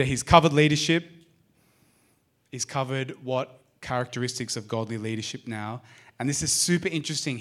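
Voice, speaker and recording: A man with an Australian accent preaching a sermon, speaking straight to the congregation with lively questions. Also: medium pitch. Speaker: pastor. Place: church service.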